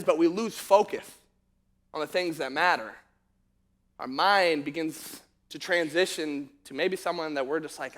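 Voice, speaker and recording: A youth pastor with a very high, bright man's voice, full of bro and dude. He rolls through a comic story, then eases into a quieter, earnest tone to teach from scripture. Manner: slangy and animated, calls the crowd bro and dude. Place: church youth service venue.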